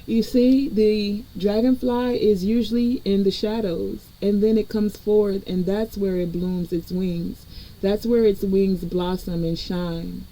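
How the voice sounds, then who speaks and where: Brief: woman spiritual reader, very mellow dark tone, chatty and direct with viewers. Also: mid-range voice, fairly even intonation, slow pace, low-quality recording. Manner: conversational, addresses viewers directly. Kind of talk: collective spiritual reading.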